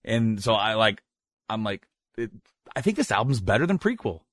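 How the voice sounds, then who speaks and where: A man hosting a casual podcast over a call, rambling and correcting himself as he talks, with bursts of excited laughter. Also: fairly low pitch, moderate pace, no echo, studio quality. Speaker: podcast host.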